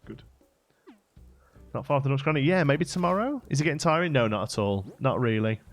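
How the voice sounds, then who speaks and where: A man's voice: medium pitch, animated, fairly quick. A man from England, rambling casually as he hosts a game livestream and answers his chat. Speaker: livestream host.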